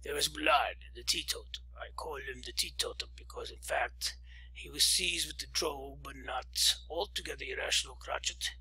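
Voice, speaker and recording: A man voicing a secretive dinner guest who speaks low and half-whispered. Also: creaky, pushed and bright, breathy edge, no room sound, full character voice, rough recording.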